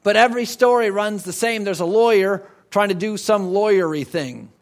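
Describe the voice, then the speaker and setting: High-voiced man preaching a sermon. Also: moderate pace. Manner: conversational, emphatic preaching with repeated words. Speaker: pastor. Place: church.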